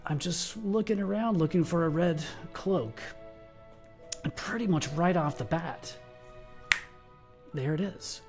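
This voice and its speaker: A man playing a slow, burly bounty hunter, telling a long story in character at a tabletop game, with halting restarts. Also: a little high, darkish tone, soft background music. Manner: rambling, halting delivery with restarts. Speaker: player.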